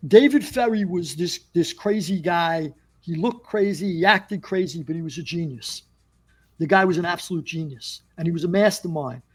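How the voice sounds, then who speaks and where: Animated storytelling man, high voice. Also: normal speed, husky. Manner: animated storyteller, acts out quotes. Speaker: podcast guest. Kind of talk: casual storytelling.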